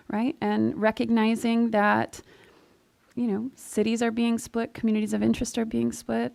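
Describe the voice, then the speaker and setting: A woman's voice: a little high, vocal fry, a little mellow. A woman commissioner making her case in a public meeting, earnest, with stumbling restarts. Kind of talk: meeting discussion.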